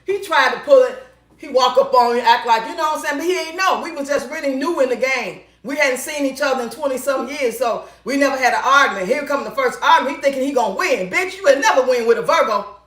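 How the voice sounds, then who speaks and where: Middle-aged woman vlogger, high-pitched, loud and blunt, swearing freely, in an echoey kitchen. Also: fast talker. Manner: loud, blunt and profane, with bursts of laughter. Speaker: relationship advice vlogger. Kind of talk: casual storytelling chat.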